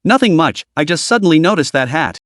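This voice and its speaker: A man's voice: fairly high pitch, big pitch swings, fast, fairly bright tone, no echo, clean studio sound. A man reading the lines of a bossy young woman who hurries and teases her friend.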